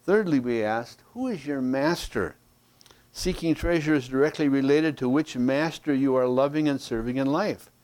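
A man's voice: medium pitch, normal speed, a little mellow. A man preaching a sermon to his congregation, reading Scripture aloud and checking in with them. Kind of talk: verse-by-verse sermon.

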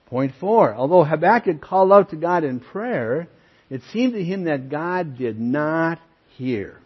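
An older male pastor preaches with a husky, fairly high voice that swings widely in pitch. He presses each point with earnest emphasis and talks straight to his flock. The recording sounds dull and lo-fi. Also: lively intonation, measured pace. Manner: earnest preaching, emphatic, addresses listeners as friends. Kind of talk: sermon.

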